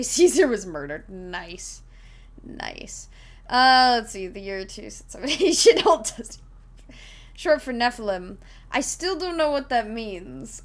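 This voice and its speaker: A woman streaming live, chatting casually with viewers in a rambling way, giggling and full of fillers while she explains a tabletop game. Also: a little high.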